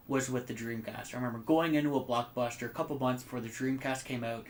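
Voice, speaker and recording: Bright-voiced rambling guy chatting. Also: mid-range voice, fast. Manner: rambling, animated storytelling with frequent fillers and swearing. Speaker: podcast co-host. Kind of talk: casual chat.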